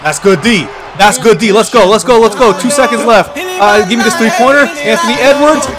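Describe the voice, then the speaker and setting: Male gamer commentator, high voice, excitable and quick to rant, game music loud behind him. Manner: excitable, frustrated ranting at the game. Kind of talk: casual gameplay commentary. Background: game music and sound.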